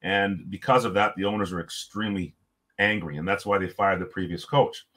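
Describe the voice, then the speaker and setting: A middle-aged man, a podcast guest, telling a story in a lively way and chuckling often. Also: deep voice, a little fast. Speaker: podcast guest, former hockey coach. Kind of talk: storytelling in conversation.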